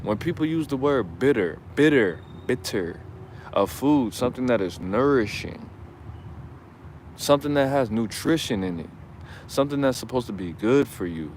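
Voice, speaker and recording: A man's voice: medium pitch, animated, moderate pace, darkish tone, a little hiss or hum. A man hosting his own channel, giving advice in casual commentary, rambling and preachy with profane jokes.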